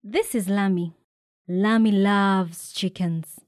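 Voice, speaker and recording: A woman from Kenya reading a children's picture book aloud, with lively shouted voices for the characters. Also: mid-range voice, slow, dry recording, studio quality. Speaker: storybook reader. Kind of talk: expressive read-aloud storytelling.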